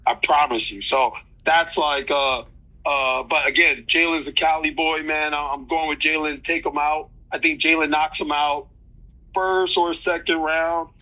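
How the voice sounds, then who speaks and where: Casting: man in his 30s, very bright slightly high voice, slangy rambling interview guest, dull lo-fi audio. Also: steady tone, measured pace. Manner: loose, rambling, slangy, many restarts. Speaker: fighter guest. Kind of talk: casual interview chat.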